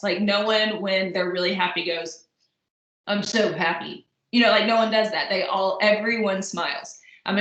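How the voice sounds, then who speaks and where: A woman teacher talks through a recorded lecture in a loose, conversational way, stopping often for fillers and side remarks. Her voice is bright and forward. The room around her is echoey. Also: medium pitch. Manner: conversational, many fillers and asides. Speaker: college instructor.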